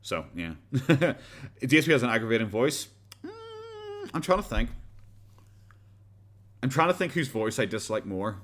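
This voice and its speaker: A man's voice: mid-range voice, huge pitch swings, a little slow, long pauses, fairly bright tone, a little hiss or hum. A man with an Irish accent hosting a live stream and chatting casually with viewers. He talks in a rambling, blunt way, swears freely, restarts his sentences and laughs often. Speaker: livestream host.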